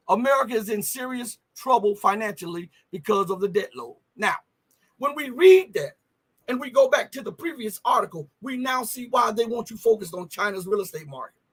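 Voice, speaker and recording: A man's voice: high voice, fairly bright tone, breathy edge. A man hosting a live news commentary stream, talking emphatically and firing off rhetorical questions. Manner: emphatic, rhetorical questions, frequent "okay?" and "right?".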